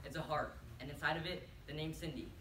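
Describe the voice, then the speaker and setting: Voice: medium pitch, fairly even intonation, fast talker, a bit bright, close to an everyday voice. A performer voicing an awkward, nervous young man in a competitive humorous interpretation, stammering and fretting. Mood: flustered. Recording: roomy, distant, noisy tournament room.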